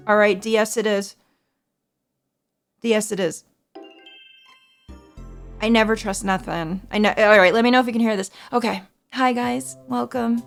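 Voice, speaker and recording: A woman's voice: fairly high pitch, normal speed. A woman livestreamer in casual stream chat, rambling and anxious, poking fun at herself. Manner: rambling, anxious, self-deprecating. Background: faint background music.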